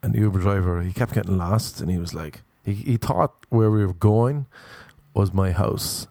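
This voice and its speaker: A low-voiced man with a gravelly, mellow tone tells laid-back, self-mocking stories. His delivery is casual and rambling, and the sound is dry and close. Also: normal speed, no echo. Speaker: comedian. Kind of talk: casual storytelling monologue.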